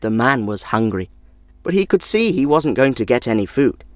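Expressive man reading a story. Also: medium pitch, no room sound. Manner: measured, expressive read-aloud.

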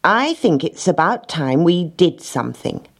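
A woman voicing a bossy, earnest little hen who keeps insisting and explaining, in a storybook reading, her voice a little husky. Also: low-pitched, sing-song, unhurried, heavily acted. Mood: insistent.

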